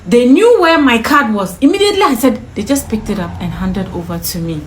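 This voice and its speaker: Indignant high-voiced woman vlogger. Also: expressive, a little fast, slight background noise, low-quality recording. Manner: indignant, emphatic retelling with repeated questions. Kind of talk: personal story told to camera.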